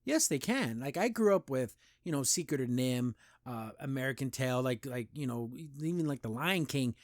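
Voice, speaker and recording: A man hosting a cartoon review show, chatting casually and enthusiastically, rambling with lots of "like" and "you know" and jumping up in pitch when he praises a scene. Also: lively intonation, moderate pace, no echo, clean studio sound.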